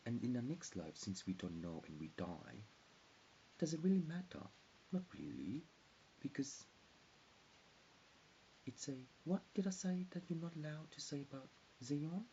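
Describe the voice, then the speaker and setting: A man's voice: mid-range voice, big pitch swings, measured pace, gravelly, long pauses, mellow. A man in his forties rambling in a disjointed stream of consciousness, often dropping into whispers. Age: 40s. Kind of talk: rambling monologue. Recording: dull hissy lo-fi recording.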